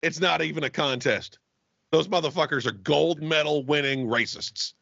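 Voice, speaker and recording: A man co-hosting a podcast in casual chat, animated and profane, laughing often. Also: fairly high pitch, moderate pace, gravelly, no room sound, dull audio. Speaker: podcast co-host.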